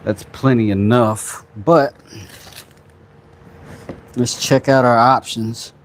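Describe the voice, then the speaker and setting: A man's voice: mid-range voice, fairly even intonation, slow, slight background noise. A man hosting a casual workshop vlog, rambling playfully with jokey asides as he works. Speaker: craft channel host, father.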